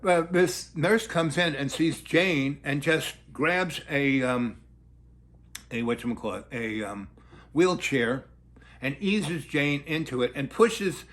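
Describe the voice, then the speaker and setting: Older male storyteller, slightly high voice, meandering, acts out quotes. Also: slow pace, a bit bright. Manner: loose, digressive, acts out quotes. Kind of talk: rambling anecdote telling.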